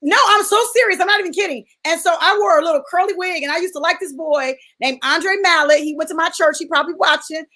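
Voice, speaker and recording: A woman's voice: very high-pitched, fast talker, few pauses, bright, forceful tone, low-quality recording. A woman in a casual panel chat, telling a personal story with feeling and acting out the voices of people in it.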